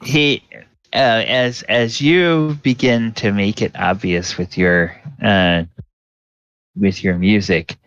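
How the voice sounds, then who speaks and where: A deep-voiced man serves as game master, narrating in an unhurried, halting way full of ums and pauses. The sound is dry and a little dull, like a lo-fi home recording. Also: steady tone, a bit bright, clear, resonant tone, no echo.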